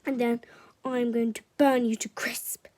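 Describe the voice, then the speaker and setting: A woman voicing a huge, threatening male dragon in a children's storybook reading, loud and booming. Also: sing-song, slow, slight background noise, heavily acted.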